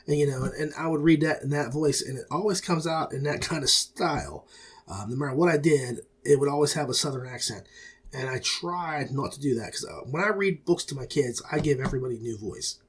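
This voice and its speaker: Middle-aged man, podcast host, husky voice, medium pitch, rambling and folksy, casual review monologue. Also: fairly quick. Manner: rambling, self-correcting, folksy.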